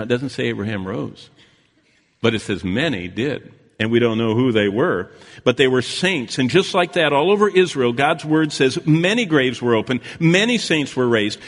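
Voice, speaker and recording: A male preacher delivering a sermon as dramatic storytelling, rising loud and then dropping to a hush. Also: medium pitch, in a large hall.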